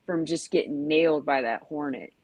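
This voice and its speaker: A woman's voice: low voice, normal speed, a little mellow, dry recording, low-quality recording. A woman in her forties telling a rambling story in casual chat, full of "you know" and "like", acting out yelps. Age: 40s. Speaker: podcast host.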